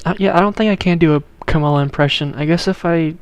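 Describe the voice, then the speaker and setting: A young man talks casually to his viewers while he plays a video game. His voice sits a little high and has a gravelly rasp. He gives blunt, opinionated remarks between game chatter. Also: fast, no echo, lo-fi sound. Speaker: livestreamer.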